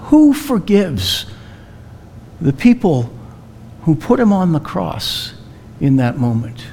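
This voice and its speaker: A man preaching a sermon, telling a story slowly and dramatically with long pauses. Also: a little high, big pitch swings, gravelly, dark tone, a little hiss or hum.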